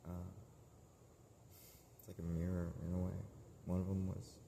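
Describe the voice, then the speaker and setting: A man talking casually to camera in a candid, self-reflective monologue, rambling and halting with many restarts. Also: sits low, monotone, vocal fry, dark tone, slight background noise. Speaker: vlogger.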